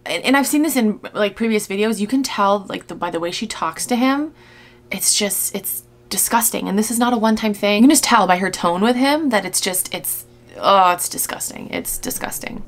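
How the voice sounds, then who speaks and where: A woman's voice: medium pitch, moderate pace. A woman giving reaction commentary on a video, indignant and exasperated, with frequent sighs. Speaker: YouTube commentator.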